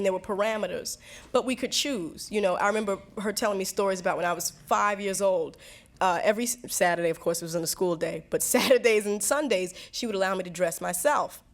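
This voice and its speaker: A young woman answering students' questions in a candid talk, animated and laughing, acting out quotes as she tells stories. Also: mid-range voice, quick pace. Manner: animated storytelling, acts out quotes; warm, frequent laughs and restarts.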